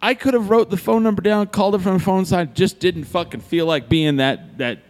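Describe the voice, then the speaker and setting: A man's voice: high voice, brisk. A man telling a long story in casual chat, cursing freely and acting out both sides of a conversation. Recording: long echoey reverb.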